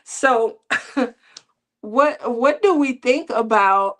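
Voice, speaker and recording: A woman's voice: on the high side, very slow, long pauses. A middle-aged woman hosting a crafting channel, chatting casually with viewers in a rambling way and laughing often.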